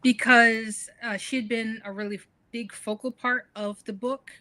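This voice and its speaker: A middle-aged woman from the northern United States, a book author, chatting as a guest in an interview and telling stories with animated laughter. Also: a little high, measured pace. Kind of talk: casual interview conversation.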